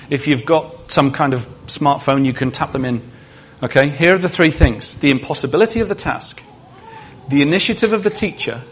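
A male preacher with a somewhat high, husky voice delivers a conversational sermon. He poses questions to the congregation and slips in humorous asides.

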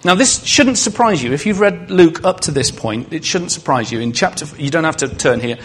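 Animated and fairly bright in tone, this higher-pitched male preacher keeps a moderate pace while a faint hiss or hum runs underneath. He preaches conversationally, asking the congregation questions and adding humorous remarks.

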